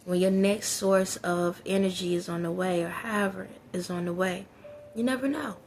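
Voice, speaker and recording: A woman's voice: lowish voice, steady tone, moderate pace, darkish tone, slight background noise. A woman vlogger giving casual life advice straight to her viewers, preachy and repetitive. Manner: preachy, talks straight to viewers, repeats key phrases. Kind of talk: casual spoken pep talk.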